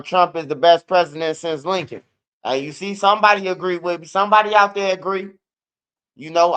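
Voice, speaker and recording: A man's voice: on the high side, a bit bright. A man with a Chicago accent telling rambling, profane stories in a casual livestream, with many restarts. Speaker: livestream host. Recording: dull lo-fi stream audio.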